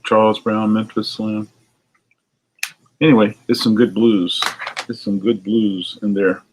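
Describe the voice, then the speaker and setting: A man's voice: lowish voice, flat delivery, measured pace, background noise. A man who owns a record store, chatting casually to a video audience while he inspects used CDs, rambling and muttering asides to himself. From United States. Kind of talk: casual vlog talk while sorting CDs. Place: record shop.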